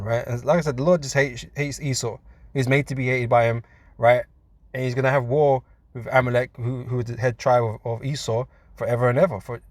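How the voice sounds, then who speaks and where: Male preacher, mid-pitched, loose street-talk delivery, laughs between points, dry sound. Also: darkish tone, no echo. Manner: casual, says "man" a lot, laughs between points. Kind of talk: scripture teaching.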